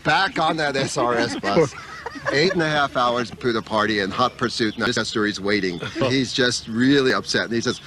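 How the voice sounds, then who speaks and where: A man's voice: medium pitch, moderate pace, crowd noise. Older man telling funny stories. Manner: animated, acts out dialogue with laughs. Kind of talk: humorous anecdotal storytelling.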